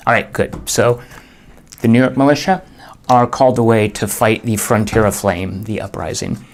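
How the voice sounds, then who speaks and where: A man with a fairly low, steady voice narrates his own solo board game turn by turn at a normal speed. He thinks aloud in a muttering, half-to-himself way and groans when the dice go against him, with a little hiss or hum in the audio.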